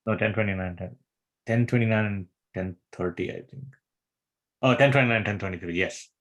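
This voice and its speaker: A man with a very deep voice talks on a video call and asks his questions in a relaxed, tentative way. He sounds low and steady. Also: fairly quick, dull audio. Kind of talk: casual technical meeting discussion.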